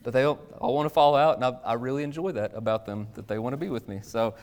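A man, likely in his thirties, preaching a conversational sermon in a casual, animated way with sudden jumps in pitch. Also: fast. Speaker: pastor.

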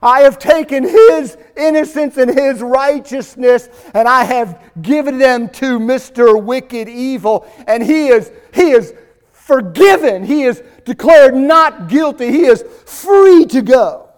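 Male preacher, very high voice, very slow and emphatic sermon delivery. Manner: slow, emphatic preaching with long pauses, rising to shouts.

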